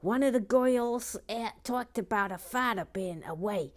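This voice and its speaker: A woman's voice: fairly high pitch, a little slow, voice pushed up, lightly acted. A woman putting on a Brooklyn accent to play a chatty woman from Brooklyn telling stories, reading a viewer's comment aloud. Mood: gossipy.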